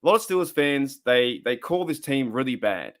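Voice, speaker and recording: A man's voice: medium pitch, lively intonation, normal speed. A young Australian man hosting a casual live stream, rambling and repeating himself as he reads the chat.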